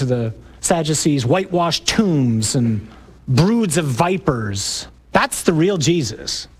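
A man's voice: on the high side, a little mellow, breathy edge. A man who is a priest, giving an emphatic, preacherly parish talk to parents with jokey asides to the audience.

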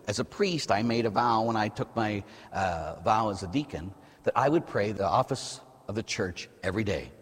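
Husky-voiced American priest preaching. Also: male voice, medium pitch, long reverb tail. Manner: lively, conversational preaching, asks the audience "huh?". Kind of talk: sermon.

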